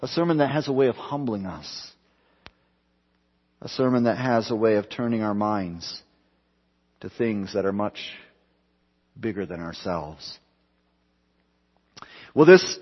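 A man's voice: medium pitch, muffled recording. Man preaching in a reverberant church. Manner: preaching with repetition, swelling and dropping for emphasis. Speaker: pastor. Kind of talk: sermon.

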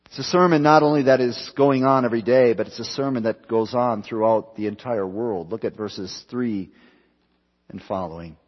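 A man's voice: medium pitch, moderate pace, highs cut off. Man preaching in a reverberant church. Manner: preaching with repetition, swelling and dropping for emphasis. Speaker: pastor. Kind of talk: sermon.

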